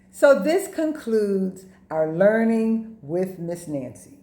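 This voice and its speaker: Slow, lively preschool teacher woman. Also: mid-range voice, low-quality recording. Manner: slow, exaggerated expressive reading for small children. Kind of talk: children's lesson. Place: outdoors by a wet board.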